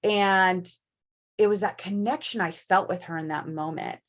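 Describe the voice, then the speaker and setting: Animated woman co-hosting a chat. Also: fairly low pitch, moderate pace. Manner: animated storyteller, acts out quoted voices. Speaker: co-host. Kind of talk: casual chat.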